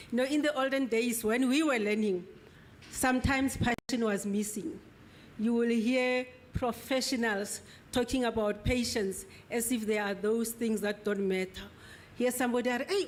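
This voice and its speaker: A middle-aged woman giving an earnest, emphatic motivational address to graduates at a ceremony. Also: on the high side. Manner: earnest, emphatic, acts out quoted voices. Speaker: speaker at an oath-taking ceremony. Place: ceremony hall.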